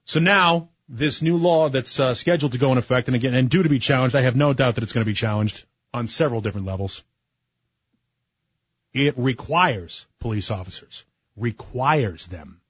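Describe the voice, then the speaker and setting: A man's voice: medium pitch, breathy edge, no room sound, dull audio. A man in his forties, a talk radio host, speaking in a sarcastic, opinionated monologue that builds to heated emphasis. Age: 40s. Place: radio studio.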